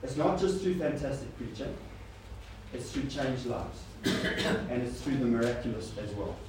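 A man's voice: medium pitch, animated, measured pace. A man preaching a sermon to a congregation. He asks rhetorical questions and makes casual asides to the listeners. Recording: roomy hall sound with faint noise.

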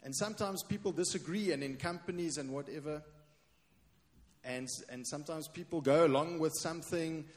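A man preaching a sermon as pastor, emphatic and repeating his key refrain. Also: on the high side. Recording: long hall reverb.

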